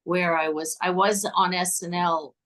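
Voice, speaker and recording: A woman's voice: fairly low pitch, steady tone, unhurried, a bit bright. An older woman, a guest in a casual interview, telling chatty stories, laughing often and repeating words. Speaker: guest, former cue card writer.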